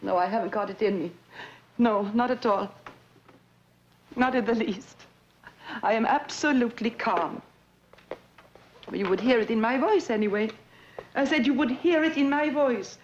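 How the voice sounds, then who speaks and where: Drama lead: a heartbroken woman pretending to be calm on the phone, played by an actress, faltering and gentle, fairly high voice, muffled old recording. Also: slight background noise, lightly acted. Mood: strained. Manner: halting, falters and restarts, soft-spoken. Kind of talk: dramatic monologue, one side of a phone call. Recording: dull lo-fi recording.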